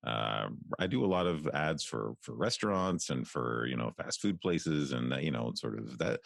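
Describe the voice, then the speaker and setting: A Canadian voice actor, a man, talking through his work in a relaxed, thoughtful interview with many restarts. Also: a bass voice, normal speed, vocal fry, few pauses, dry recording, clean studio sound. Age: middle-aged. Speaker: voice actor guest.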